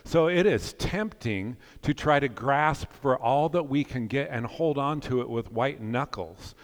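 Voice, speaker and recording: A man in his fifties preaches with a mid-range voice, joking one moment and earnest the next, pushing hard before dropping to a quiet hush. His words ring out with the long reverb of a large church hall. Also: medium pitch, unhurried. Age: 50s. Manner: animated, jokey and earnest, swinging from loud urging to quiet reflection. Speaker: pastor. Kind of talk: sermon.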